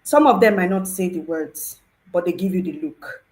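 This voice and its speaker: A woman's voice: on the low side, moderate pace, a little mellow, rough recording. Earnest woman telling an emotional story. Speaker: program participant sharing testimony. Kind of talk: personal testimony on a panel talk show.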